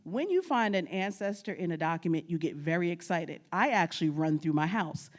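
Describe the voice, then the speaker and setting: A woman's voice: lowish voice, animated, a little fast. A woman from New York giving a humorous talk on genealogy research, telling stories, laughing often and talking straight to the audience. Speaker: guest speaker on genealogy.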